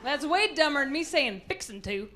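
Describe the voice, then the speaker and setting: A woman's voice: high-pitched, sing-song, moderate pace, very noisy. A woman from Texas with a Texan accent doing a stand-up comedy set, brashly teasing the crowd. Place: event hall with a crowd.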